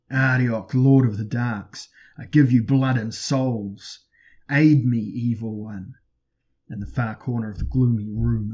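A man reading a fantasy audiobook in a steady, dramatic narration. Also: medium pitch, low-quality recording.

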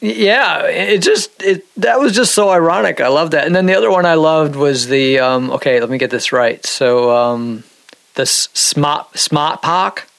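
A man from Minnesota co-hosting a podcast in casual chat, animated and profane, his pitch jumping when he gets excited. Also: moderate pace, creaky, dry recording. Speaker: podcast co-host.

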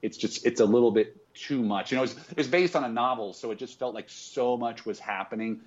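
A man's voice: medium pitch, fairly quick, muffled recording. A man hosting a casual movie podcast. He talks chattily and stumbles over his words often. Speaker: podcast host.

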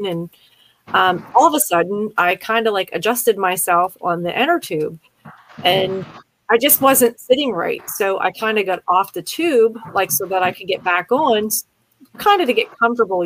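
A woman's voice: mid-range voice, a bit bright, poor audio. An older woman from Pennsylvania, chatting casually and telling a long personal story with many fillers and restarts. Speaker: conversation partner. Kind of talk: casual chat.

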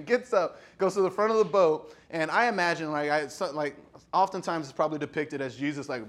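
A young adult man from Texas giving a sermon in a casual storytelling way, acting out quotes and using lots of fillers. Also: on the high side. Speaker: pastor.

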